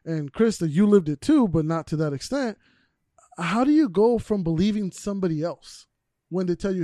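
A young man hosting a loose, casual podcast. He teases his co-hosts and puts blunt questions to them. His voice is high yet mellow, and the recording is dry and close. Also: lively intonation, moderate pace, dry recording. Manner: joking, teasing, blunt.

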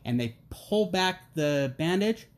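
A middle-aged man with a voice on the high side talks slowly as an interview guest on a podcast, with slight background noise. Jokey and animated, he tells family stories and acts out the voices in them.

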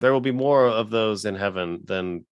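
A man co-hosting a casual podcast, talking in a rambling, halting way with frequent restarts. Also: on the low side, clean tone, dry recording, highs cut off. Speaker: podcast co-host.

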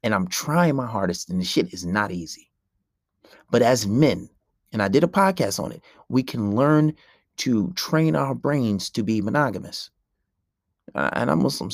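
A man's voice: medium pitch, gravelly, darkish tone, no echo, studio quality. A man hosting a solo podcast, ranting in a brash, profane and preachy way. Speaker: podcast host.

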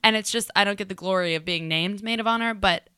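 Woman cohost chatting and joking around, smooth bright voice, dry studio sound. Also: mid-range voice, dry recording. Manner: playful, chatty, quick quips. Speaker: podcast co-host. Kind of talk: casual chat.

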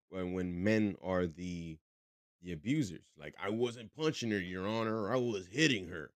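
A man's voice: deep voice, darkish tone, smooth, dry recording. A man hosting a podcast in a casual, profane monologue, rambling with many fillers and restarts and joking about a tense topic. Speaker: podcast host.

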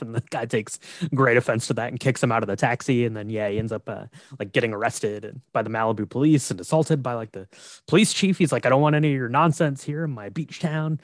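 Relaxed man, dry close sound. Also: medium pitch, no echo. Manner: relaxed, many fillers. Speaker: podcast co-host. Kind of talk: casual film recap chat.

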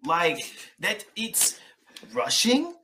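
A man guest on a podcast, talking through football film in fast, animated casual chat. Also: high-pitched, a little hiss or hum.

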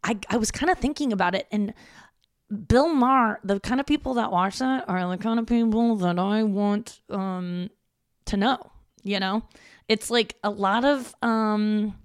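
This is a woman stand-up comic in a room of her parents' home, musing casually and rambling on her solo podcast while mocking herself and swearing often. Her voice sits mid-range at a measured pace, captured in a clean studio sound without echo.

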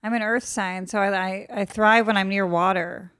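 A young woman co-hosting a podcast in casual chat, blunt and crude with a deadpan delivery. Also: mid-range voice, moderate pace, no room sound, studio quality. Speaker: podcast co-host. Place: apartment overlooking a river.

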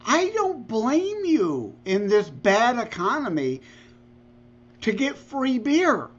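Podcast co-host, man, unhurried delivery, lively pitch, muffled lo-fi sound. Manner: lively, emphatic swings in pitch. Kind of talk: casual podcast chat.

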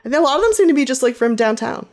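A woman's voice: high voice, lively intonation, racing, darkish tone. A woman from the US West Coast co-hosting a podcast, chatting in a playful, self-deprecating, rambling way. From United States West Coast. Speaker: podcast co-host. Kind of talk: casual chat.

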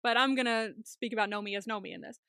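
A woman's voice: fairly high pitch, fairly even intonation, quick pace, sharp tone, clear, resonant tone, no echo, clean studio sound. A woman co-hosting a podcast, casually recapping a show, laughing often and acting out scenes in different voices. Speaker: podcast co-host.

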